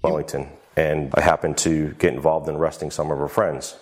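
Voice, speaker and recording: A man speaking haltingly and earnestly in an emotional TV interview clip. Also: very deep voice, level tone, a little mellow. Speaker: father interviewed on a talk show clip.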